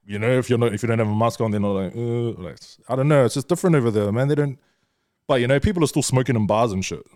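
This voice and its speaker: A man's voice: medium pitch, fast talker, darkish tone, no room sound. Young kiwi guy on a podcast, blunt, swears a lot, laughs a bunch, mid voice, dry sound. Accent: New Zealand. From New Zealand. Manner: candid, swears freely, laughs often. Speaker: guest, social media influencer. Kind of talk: casual podcast chat.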